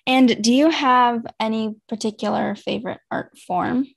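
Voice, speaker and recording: A young woman hosts a podcast, chatting in a friendly, easygoing way. Her voice sits a little high and carries a gravelly edge. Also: moderate pace. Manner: friendly, easygoing, filler-laden. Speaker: podcast host. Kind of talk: casual interview.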